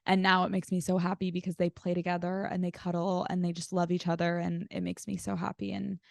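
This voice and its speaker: A woman chatting as a podcast guest, rattling off stories and slipping into little voices for the people she quotes. Her voice sits a bit low for a woman, and it is recorded close and dry with no room sound at all. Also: quick pace, gravelly, no room sound. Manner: animated storyteller acting out quotes. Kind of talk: casual chat.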